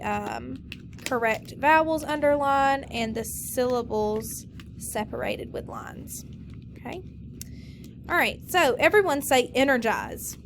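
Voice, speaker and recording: Woman teacher, recorded lesson, slightly high voice, stretches words out slowly, faint noise. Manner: slow, drawn-out modeling of words.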